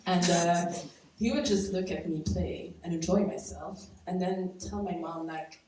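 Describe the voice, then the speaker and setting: Woman storyteller from Belgium, low-ish voice, chatty and wry, recorded live from across a very echoey room. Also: unhurried. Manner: casual and conversational, laughing at her own lines. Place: stage at a live storytelling event. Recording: echoey room from far off, faint noise.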